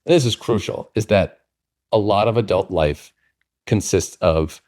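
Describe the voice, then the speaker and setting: Low-voiced, earnest male guest. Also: a little slow, a little mellow. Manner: earnest, reflective. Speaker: guest author. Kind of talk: casual conversation, storytelling.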